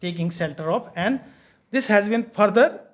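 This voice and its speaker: A man giving an academic conference lecture, emphatic and halting, with frequent restarts. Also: high voice, animated. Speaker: conference speaker.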